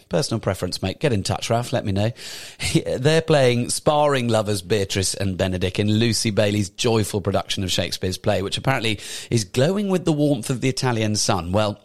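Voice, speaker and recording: A man's voice: fairly low pitch, no room sound, clean studio sound. A man casually presenting theatre news, enthusiastic and rambling, correcting himself with chatty asides. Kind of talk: casual chatty show roundup.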